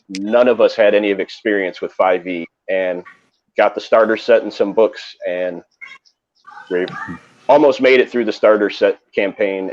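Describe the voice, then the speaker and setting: A man's voice: deep voice, dull audio. A man who runs his own tabletop game, talking in an easygoing way. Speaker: game master. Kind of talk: casual chat.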